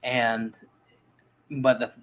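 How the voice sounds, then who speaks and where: A man's voice: medium pitch, little pitch movement, extremely slow, a bit bright, slight background noise, rough recording. A man reviewing movies in a casual, rambling chat, full of restarts and fillers.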